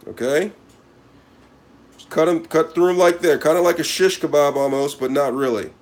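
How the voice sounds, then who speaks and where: Man, cooking host, fairly high voice, mock-serious running commentary while he works. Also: fairly even intonation, normal speed, a little mellow. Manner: mock-serious, repeats a catchphrase, talks to viewers as he works. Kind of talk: casual cooking demonstration to camera.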